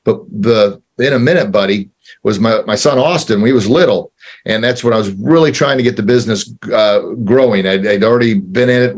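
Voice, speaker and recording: Earnest man telling a personal story. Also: fairly low pitch. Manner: earnest, halting with repeated words. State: choked up. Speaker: interview guest, entrepreneur.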